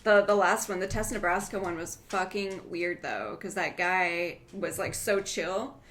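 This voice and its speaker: A woman's voice: lowish voice, unhurried, fairly bright tone, slight background noise. A woman co-hosting a casual podcast, rambling through stories with lots of fillers and casual swearing. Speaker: podcast co-host.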